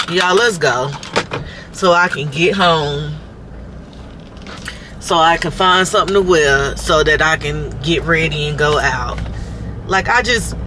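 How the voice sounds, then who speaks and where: A woman's voice: lowish voice, pushed and bright. Chatty woman venting in a vlog. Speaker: vlogger. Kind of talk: casual vlog chat. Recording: noisy background.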